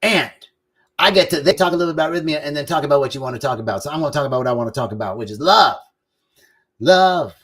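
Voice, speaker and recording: A man hosting a live online talk on love, drifting between sung snatches of a love song and easy chat with viewers he greets by name. His voice sits a little on the high side, and he moves between slow, stretched phrases and quick bursts. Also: fairly bright tone, husky. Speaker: host of a live spiritual talk. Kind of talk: warm-up singing then casual spiritual talk. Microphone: livestream setup.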